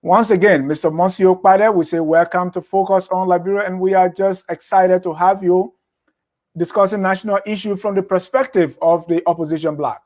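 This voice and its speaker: A male interviewer with a fairly high voice welcomes his guest and asks about his movement. He often stops and restarts mid-question. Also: steady tone, fairly quick, a little mellow, low-quality recording. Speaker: interviewer, host.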